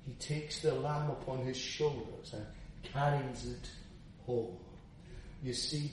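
Earnest preacher in a very echoey room. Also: male voice, medium pitch, a little hiss or hum. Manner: earnest, emphatic, with rising stresses and slow deliberate stretches. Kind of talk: expository Bible sermon. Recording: echoey room, distant mic.

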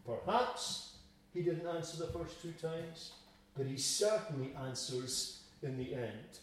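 A man preaching a sermon, reading verses aloud and then explaining them plainly. His voice sits a little high. He is recorded from a distance in a very echoey room. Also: lively intonation, takes it slowly.

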